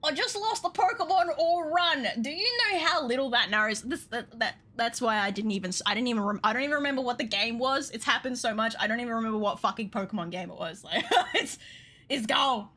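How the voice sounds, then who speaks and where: A young woman streaming casually, excitable and laughing often, swearing freely as she chats with viewers. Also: a little high, fast. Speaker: VTuber streamer. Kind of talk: casual live-stream chat.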